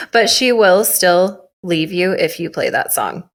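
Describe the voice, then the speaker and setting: A woman's voice: lowish voice, lively intonation, takes it slowly, a bit bright. A young woman co-hosting a podcast in casual chat, joking and teasing herself and laughing often. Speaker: podcast co-host.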